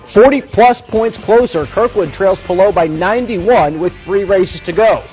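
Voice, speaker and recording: A man delivering a TV sports news report in a lively, punchy way. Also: high-pitched, measured pace, soft background music. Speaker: sports anchor.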